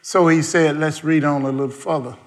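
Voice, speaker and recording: A man's voice: fairly high pitch, steady tone, a little fast. A man preaching a sermon, quizzing the congregation with questions and folksy asides, in everyday dialect grammar.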